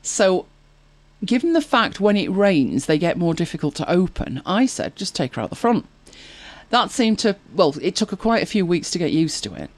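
Lively chatty woman host. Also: fairly low pitch, normal speed, dry recording. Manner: chatty, anecdotal, laughs often. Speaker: podcast host. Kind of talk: casual chat reading viewer comments.

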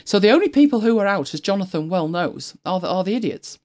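This talk show co-host, from the United Kingdom, keeps the panel chat casual and rambling, full of fillers and restarts. The mid-range voice is very animated and talks fast.

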